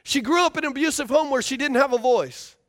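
A man's voice: very high-pitched, quick pace, a bit bright. A man preaching a sermon as a pastor, emphatic and repetitive, often asking the congregation for responses.

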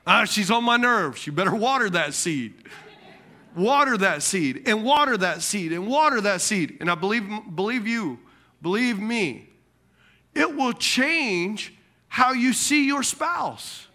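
A man delivers a lively sermon in a high, bright voice. He acts out the people he quotes and laughs at his own asides. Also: slow. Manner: animated preaching, quotes imagined people, laughs at himself. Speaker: pastor.

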